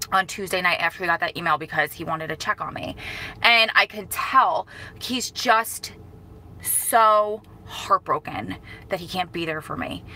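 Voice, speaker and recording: A woman's voice: mid-range voice, pushed and bright, slight background noise, poor audio. A woman in her thirties talking casually to her viewers in a live-stream update, emotional and rambling, correcting herself and breaking off to greet people. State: grieving, emotional. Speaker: vlogger.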